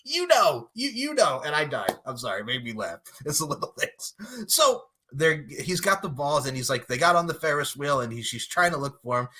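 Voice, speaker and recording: Lively, bright-voiced man on a podcast. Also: fairly high pitch, a little fast. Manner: animated, profane, laughs often. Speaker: podcast host. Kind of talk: casual movie recap.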